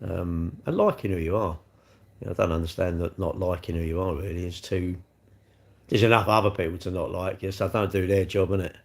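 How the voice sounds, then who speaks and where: A man's voice: low voice, fairly quick. A middle-aged man hosting a casual livestream, chatting and answering viewer comments with swearing and rhetorical questions. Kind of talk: casual chat.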